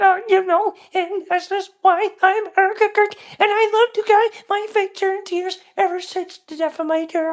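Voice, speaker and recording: A man doing a high falsetto impression of a widowed woman activist, whining about fake tears. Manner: shrill whiny fake crying.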